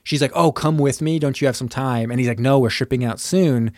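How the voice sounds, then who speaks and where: A man chats casually on a podcast, retelling a film's plot and jumping into the characters' voices. His pitch sits in an ordinary middle range. The sound is dry and close, with no room around it. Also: a little fast, no echo. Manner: animated, acts out characters' lines with profanity. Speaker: podcast co-host. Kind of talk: casual chat recapping a movie.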